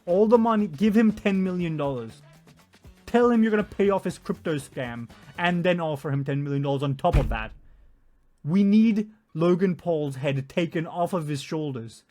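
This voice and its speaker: A young man venting in a heated, profane casual rant, his loudness swinging from mutters to shouts. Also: fairly high pitch, expressive, moderate pace, soft background music. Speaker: vlogger.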